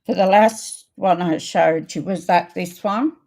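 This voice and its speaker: Slow, gravelly older woman chatting while crafting. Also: fairly low pitch, a little mellow. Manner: chatty and unhurried, with frequent ums, greeting viewers by name. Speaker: card-making livestream host. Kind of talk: casual crafting livestream chat.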